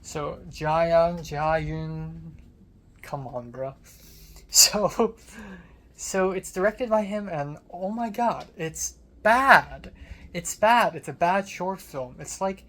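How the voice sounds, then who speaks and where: Young american-accented vlogger, rambling and sarcastic, lots of quick asides. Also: medium pitch. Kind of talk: casual storytelling vlog.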